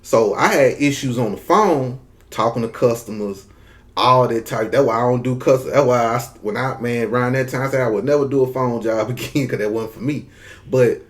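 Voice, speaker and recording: A man's voice: mid-range voice, brisk. A man from Mississippi with a country Southern drawl, telling a story in a casual, slangy monologue and dragging his words. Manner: laid-back, drags words, slangy, frequent "you know what I'm saying". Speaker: content creator.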